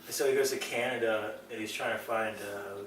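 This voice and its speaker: A man's voice: on the low side, fairly even intonation, brisk, fairly bright tone. A young man in casual chat with a friend, rambling as he retells a movie, laughing often and acting out scenes. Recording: echoey room, mic from a distance, faint noise.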